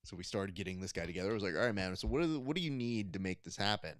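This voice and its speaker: A man's voice: sits low, very fast, no echo, studio quality. A man co-hosting a podcast in casual chat, telling stories and acting out quotes in other voices. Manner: animated storyteller, acts out quotes. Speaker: podcast co-host.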